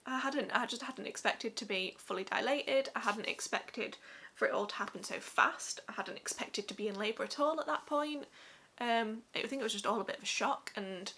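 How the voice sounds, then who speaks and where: A woman's voice: fairly high pitch, normal speed, bright, forceful tone. A young woman vlogger from England telling her birth story in a chatty, emotional way, laughing often. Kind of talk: casual storytelling to camera.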